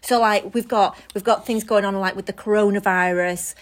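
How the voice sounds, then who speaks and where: A woman's voice: mid-range voice, normal speed. Chatty woman telling stories. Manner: animated storyteller, laughs often. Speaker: co-host. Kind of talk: casual podcast chat.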